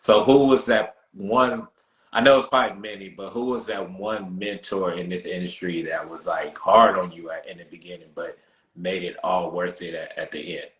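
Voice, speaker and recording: A man's voice: low voice, fairly even intonation, normal speed, fairly bright tone, reverberant, low-quality recording. A man hosting a casual interview, asking loose, rambling questions. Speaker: host.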